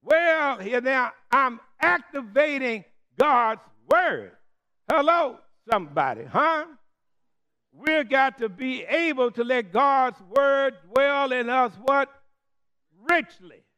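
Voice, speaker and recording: A man's voice: extremely high pitch, expressive, slow, sharp tone, smooth. A man preaching a call-and-response sermon, as a Methodist preacher who throws questions to the congregation and draws out the key words.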